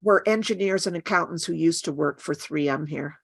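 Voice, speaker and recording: Older lady guest, frank and wry, low-ish voice but bright, dry close mic. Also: moderate pace, vocal fry, husky, no room sound. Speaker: guest artist. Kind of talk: casual chat.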